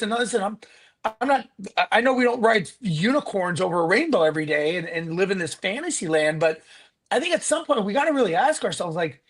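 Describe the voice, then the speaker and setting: A man being interviewed as a business coach, animated and profane, rambling with lots of restarts and "like.". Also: high voice, fairly quick. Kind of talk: casual interview chat.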